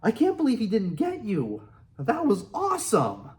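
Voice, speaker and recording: A man reading aloud voices an excitable young man shouting with glee. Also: high voice, moderate pace, pitched above the performer's own voice. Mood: gleeful. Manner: shouting, giddy.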